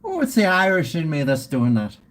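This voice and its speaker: A man's voice: a little high, lively intonation, fairly quick, fairly bright tone. A middle-aged Australian man hosting a live stream, rambling and swearing in casual banter with his viewers.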